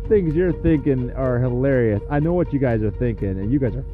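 A man's voice: medium pitch, fairly quick, phone-quality sound, faint music behind. A man with a cold hosting a podcast, rambling and cursing through sarcastic trash talk. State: sniffling with a cold. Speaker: podcast host. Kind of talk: rambling crude comedic monologue.

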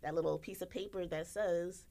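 A young American woman, a podcast co-host, telling stories in casual chat and acting out quotes with big jumps in her voice. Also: moderate pace. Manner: animated, acts out quotes with big pitch jumps.

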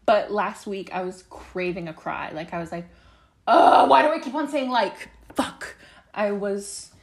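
A young woman hosting a solo podcast, talking in a loose, rambling way and swearing freely as she opens up. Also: lowish voice. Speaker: podcast host. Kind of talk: candid solo podcast chat.

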